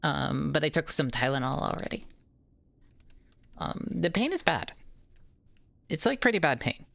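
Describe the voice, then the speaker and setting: A woman streamer in pain and low on energy, rambling casually with her chat and swearing now and then. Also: big pitch swings, a little slow, creaky, a bit bright, no room sound.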